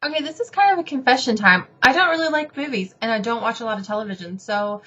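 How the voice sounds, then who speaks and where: A woman's voice: fairly high pitch, fast talker, sharp tone. A woman book vlogger chatting casually to camera, rambling and poking fun at herself. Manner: chatty, rambling, self-deprecating.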